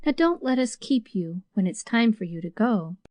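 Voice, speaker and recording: A woman's voice: medium pitch, expressive, moderate pace, darkish tone, no echo, close to an everyday voice. A woman voicing an earnest teenage girl, tearful and pleading, in a storybook reading.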